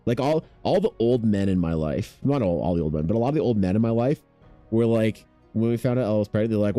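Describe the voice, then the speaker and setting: A man in his thirties chatting casually while streaming his art, laid-back, swearing freely and mimicking people in a higher voice. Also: animated, quick pace, dark tone, no echo, soft background music. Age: 30s. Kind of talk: casual chat with chat.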